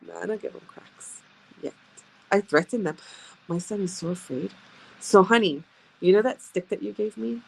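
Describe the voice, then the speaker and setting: A woman's voice: medium pitch, normal speed, gravelly, long pauses, a little hiss or hum. A woman chatting casually with viewers as a sales rep, telling stories and laughing often. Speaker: direct sales rep hosting a live stream.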